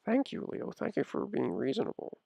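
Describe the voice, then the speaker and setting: A man voicing a calm, patient, mildly mystical man who reasons gently with a friend. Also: a little high, a little fast, creaky, dry recording, dull audio, heavily acted.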